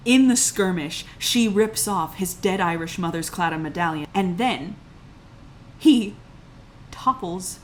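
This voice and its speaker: A young woman hosting a comedic movie recap, animated and incredulous, laughing often as she tells the story. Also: on the low side, measured pace, a little hiss or hum. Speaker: video essay host.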